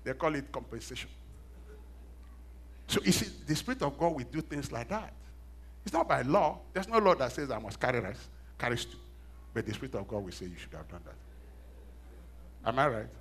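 Husky-voiced man preaching a sermon. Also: medium pitch, very animated, fairly quick, long pauses. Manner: storytelling with self-mocking laughs, swings from hushed asides to loud emphatic bursts. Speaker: pastor.

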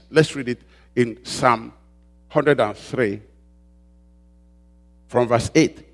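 A man preaching a sermon as pastor, calling out questions for the congregation to answer and slowing down to stress key words. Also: medium pitch. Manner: call-and-response preaching, prompting the congregation with "what?"; rises and presses louder on key points, slows on emphasized words.

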